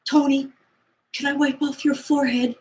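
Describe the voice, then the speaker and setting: A starstruck young woman gushes in a high, dazed, faltering voice, as a woman puts her on. The sound carries a roomy echo. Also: flat delivery, normal speed, a little mellow, close to an everyday voice.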